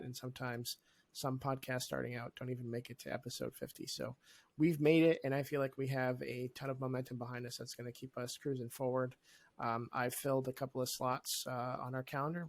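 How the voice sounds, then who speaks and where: A man co-hosting a podcast, talking in an enthusiastic, grateful way with many fillers. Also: medium pitch. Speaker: podcast co-host. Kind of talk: casual chat.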